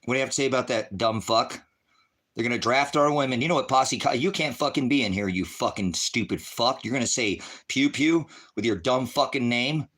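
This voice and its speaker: Middle-aged man, livestream preacher type, bright forceful delivery, profane and combative with chat. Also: medium pitch, brisk. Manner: profane, shouting at chat viewers. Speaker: livestream ministry host. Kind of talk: angry livestream rant.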